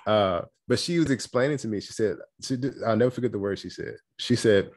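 A man, a happiness coach, chatting as an interview guest, animated and quick to laugh. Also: lowish voice. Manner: animated, laughs often, acts out quotes. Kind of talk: casual storytelling chat.

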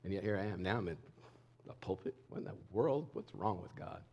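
A middle-aged male pastor preaching a sermon in a candid, conversational way, swinging between emphatic and hushed lines. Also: sits low, expressive, fairly quick, creaky, lo-fi sound. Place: church sanctuary.

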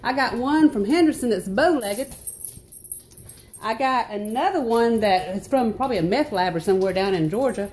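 A woman from North Carolina with a Southern accent, telling a story in a casual vlog and ranting with loud exclamations. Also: moderate pace. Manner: animated, exclamatory, swings into high outbursts. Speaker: vlogger.

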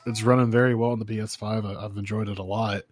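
Halting man on a casual podcast. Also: on the low side, level tone, no room sound. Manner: halting, many fillers and restarts. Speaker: podcast co-host. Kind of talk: casual chat.

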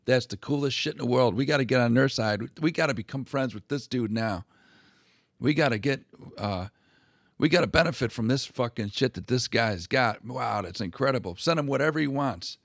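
A man's voice: mid-range voice, normal speed, gravelly, no echo. A foul-mouthed king, as a man puts him on snaps out orders, eager to get on the newcomer's good side. His voice sits in a plain middle male range. It is recorded dry and close. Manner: bossy, profane orders. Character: eager, crude male king who wants a share.

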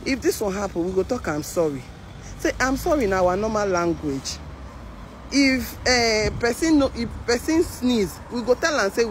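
A woman with a Nigerian Pidgin accent tells a story straight to camera, acting out the other people's voices as she goes. Her voice sits at a middle pitch. She is outdoors, with the noise of street traffic going on behind her. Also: normal speed. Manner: animated, acts out the voices of others.

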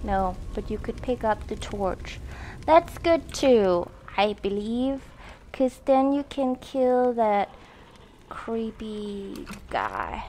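A woman's voice: a little high, sing-song, slow pace, a little hiss or hum. A young woman casually commenting on a horror video game she is playing, chatty and self-mocking, laughing often. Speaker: gaming channel host. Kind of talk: casual let's-play commentary.

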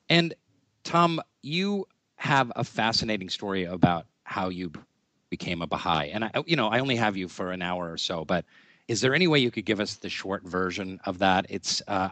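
Effusive male podcast host, low voice. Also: no echo. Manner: effusive, warmly complimentary. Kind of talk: casual interview chat. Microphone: video call interview.

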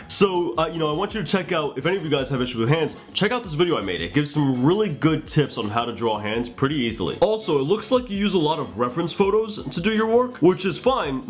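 A man giving casual art critiques and tutorial tips, chatty and joking, with profane asides. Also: on the high side.

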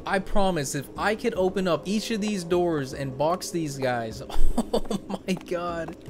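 A man's voice: sits high, measured pace, noisy background. A young man giving jumpy, laughing, slang-filled commentary while playing a horror game. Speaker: gaming YouTuber.

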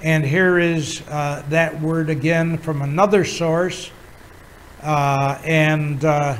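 A man teaching a Bible lesson as a pastor, pausing often with fillers while he explains words. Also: fairly high pitch, steady tone, a little hiss or hum, poor audio. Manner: halting, many filler pauses, chuckles while teaching.

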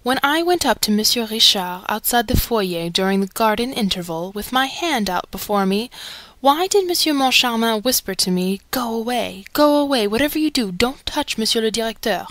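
A woman's voice: a little high, animated, moderate pace, a bit bright, no echo. A woman reading aloud and voicing an agitated male theatre secretary who exclaims with emphasis, in a storybook. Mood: indignant.

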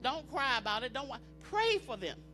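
A woman's voice: sits high, very animated, normal speed, music in the background. A woman preaching an emphatic sermon at a church service, repeating phrases and calling on the congregation to respond. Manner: emphatic, repetitive, call-and-response.

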